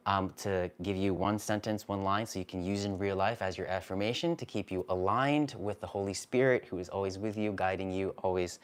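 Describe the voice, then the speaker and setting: A man hosting a live-streamed card reading, talking gently and soothingly, often repeating himself. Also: sits low, clear, resonant tone. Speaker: spiritual card reader, live stream host.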